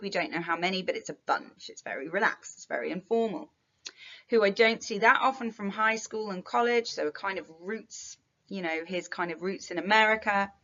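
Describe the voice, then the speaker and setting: A woman's voice: on the low side, fairly bright tone, muffled recording. A British woman teaching an English lesson, chatty, with lots of fillers, analysing a text for revision.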